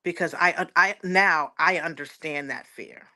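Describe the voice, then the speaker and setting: A woman's voice: sits low, measured pace, sharp tone. A woman, a guest giving an earnest personal testimony and often quoting others aloud. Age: 40s. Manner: earnest, repeats words, quotes others aloud.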